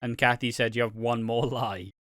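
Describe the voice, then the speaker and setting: A man's voice: medium pitch, fairly even intonation, normal speed, a bit bright, no echo, studio quality. A young man co-hosting a casual podcast recap, swearing freely and acting out characters' lines. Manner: sweary, laughs often, acts out characters' lines. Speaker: podcast co-host.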